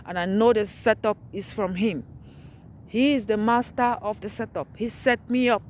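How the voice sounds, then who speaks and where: A woman vlogging outdoors on a dark street at night, ranting in an agitated, repetitive way as she walks, with passing traffic behind her. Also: mid-range voice, moderate pace. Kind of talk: angry street vlog rant.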